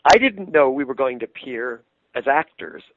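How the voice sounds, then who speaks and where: An older man, a puppeteer, telling animated anecdotes in an interview and laughing easily. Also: medium pitch, moderate pace, no echo. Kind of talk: interview storytelling. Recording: tinny phone-line sound, dry.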